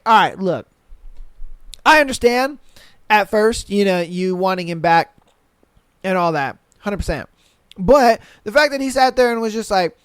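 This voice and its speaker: High, crisp-voiced man ranting. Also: normal speed, no room sound, studio quality. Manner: profane, animated, blunt commentary. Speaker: podcast host. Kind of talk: reading listener stories and reacting.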